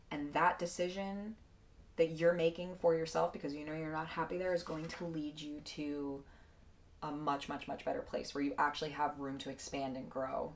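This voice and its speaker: A woman giving a casual, emotional tarot card reading to her viewers, effusive and swearing freely. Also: sits low.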